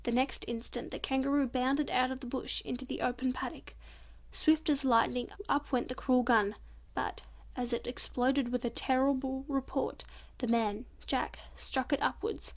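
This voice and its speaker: High, gravelly woman narrator. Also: little pitch movement, normal speed. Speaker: audiobook narrator. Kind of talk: storybook narration.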